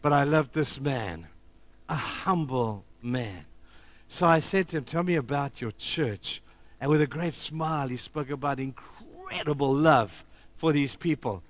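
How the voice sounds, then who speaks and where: A middle-aged man preaching a sermon as pastor, telling stories emphatically and swinging between loud passages and hushed ones. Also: mid-range voice, measured pace.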